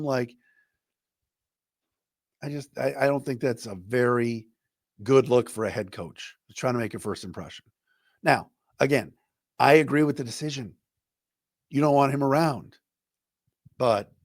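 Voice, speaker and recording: A man's voice: medium pitch, normal speed, pauses often, a little mellow, dry recording, clean studio sound. A middle-aged man hosting a sports talk podcast, giving opinionated, conversational commentary and acting out quotes as he goes. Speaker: podcast host.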